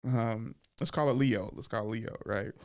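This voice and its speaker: A man's voice: mid-range voice, normal speed, clean tone. A man, a stand-up comic hosting a show and telling loose, slangy, funny stories about growing up. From Bay Area, California. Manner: loose slangy storyteller, breaks into laughter. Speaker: stand-up comic, podcast host. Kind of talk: casual comedic storytelling.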